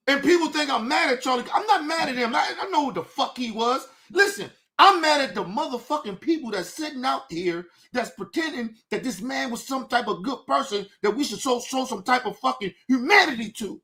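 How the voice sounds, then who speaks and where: A male show host giving a heated, profane commentary rant, swinging from low muttering to shouting. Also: animated, a little fast, hardly any pauses.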